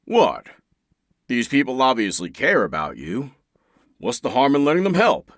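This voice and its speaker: A man's voice: mid-range voice, wildly swooping pitch, moderate pace, fairly bright tone, dry recording, studio quality, voice pushed up. A male audiobook narrator voicing a teasing young adult brother who goads and jokes. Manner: teasing, goading.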